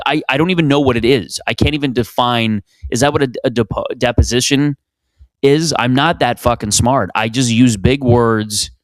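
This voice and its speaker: A man's voice: mid-range voice, no echo. A man in his thirties from Canada, hosting a solo comedy podcast in a rambling, profane, self-mocking way. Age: 30s. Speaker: podcast host.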